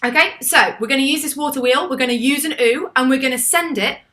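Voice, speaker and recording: A woman leading an online choir warm-up over a video call, encouraging the singers and demonstrating each sigh and call herself. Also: high-pitched, fast talker. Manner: encouraging, demonstrates vocal calls and sighs. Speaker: choir leader.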